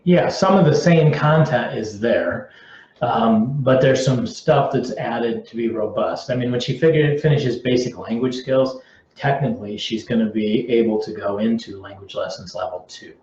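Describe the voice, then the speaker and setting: A man's voice: mid-range voice, moderate pace, darkish tone, slight background noise. Man answering questions in a roomy live stream. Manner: conversational, with frequent restarts and filler words. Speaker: curriculum representative answering viewer questions. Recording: roomy, slightly dull live-stream audio.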